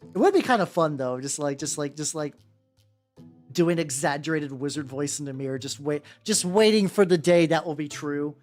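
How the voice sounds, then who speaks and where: A man's voice: on the high side, expressive, moderate pace, darkish tone, faint music behind. A man chatting casually on a live stream while painting miniatures, rambling with many restarts, swearing now and then and greeting viewers as they arrive.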